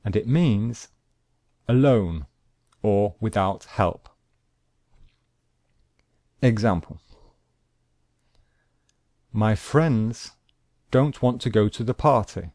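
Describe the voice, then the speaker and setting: A man teaching an English grammar lesson, speaking slowly and deliberately and repeating his examples. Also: on the low side, lively intonation, a little mellow, no room sound, clean studio sound.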